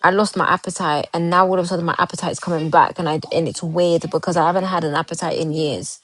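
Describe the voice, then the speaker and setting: A woman's voice: on the low side, steady tone, quick pace, a bit bright, poor audio. A woman chatting casually on a livestream, rambling and restarting her sentences as she answers viewer comments.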